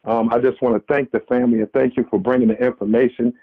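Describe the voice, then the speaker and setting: This radio caller from New York has a mid-range, slightly breathy voice, a flat delivery, and a quick pace, with no echo on his tinny phone line. Earnest and preachy, he often restarts while giving impassioned commentary.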